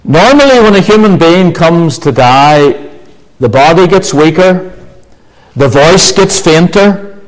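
A man preaching a sermon, building to emphatic exclamations and slowing for stress. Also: fairly high pitch, expressive, poor audio. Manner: emphatic, rising to exclamations, slow deliberate stress.

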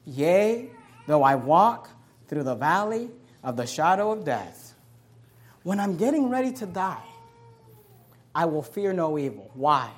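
Male pastor, high voice, sermon delivery, emphatic scripture reading with rhetorical questions. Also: sing-song, unhurried, long pauses. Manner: preaching, swings from loud emphatic scripture reading to quiet, low asides; reads old-style scripture and answers rhetorical questions.

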